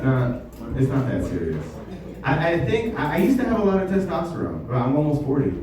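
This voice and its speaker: Halting man in an echoey basement. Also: fairly low pitch. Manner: halting, filler-heavy, self-deprecating. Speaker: stand-up comedian. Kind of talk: stand-up comedy set. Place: basement comedy venue. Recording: echoey basement room, mic from far off.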